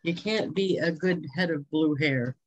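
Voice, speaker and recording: A woman's voice: sits low, unhurried, low-quality recording. A woman hosting a casual video-call chat, bubbly, exclaiming and laughing often. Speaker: host.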